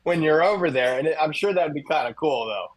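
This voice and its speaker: Young adult male co-host, higher-pitched, loose rambling delivery with frequent fillers. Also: lively intonation, fairly quick, rough recording. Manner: rambling, lots of fillers and restarts. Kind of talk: casual sports talk show chat.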